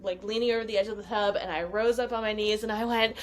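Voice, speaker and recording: A woman's voice: medium pitch, steady tone, fast talker. A woman, a podcast guest, telling a personal story in casual talk and acting out her own past lines. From United States.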